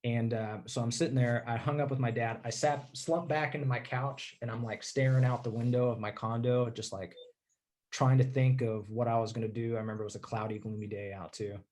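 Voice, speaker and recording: A man telling a personal story in a casual interview, candid and rambling, often clearing his throat and saying "dude". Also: medium pitch, steady tone, brisk, darkish tone.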